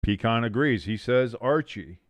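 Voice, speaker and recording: A man hosting a live watch-along stream, calling the plays casually and jumping sharply in pitch and volume on big moments. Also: lively intonation, moderate pace, no room sound. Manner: mumbles and scats to himself while thinking. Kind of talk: casual live play-by-play commentary.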